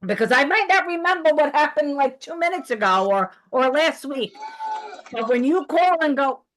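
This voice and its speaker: High-voiced woman ranting, heated and profane. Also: normal speed, slight background noise. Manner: profane, heated, animated storytelling. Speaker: podcast host. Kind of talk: casual ranting chat.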